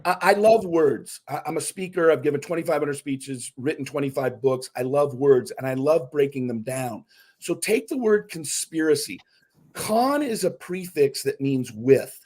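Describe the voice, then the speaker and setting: A man who is a guest on a talk podcast, a speaker and author, telling stories in animated, casual conversation. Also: fairly high pitch, normal speed. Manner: animated storyteller, breaks words down.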